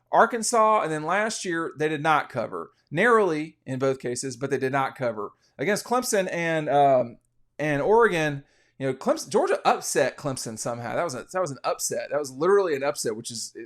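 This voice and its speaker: A man's voice: on the high side, fairly bright tone. A man hosting a casual college football podcast, giving rambling, opinionated betting commentary with frequent restarts. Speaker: sports podcast host.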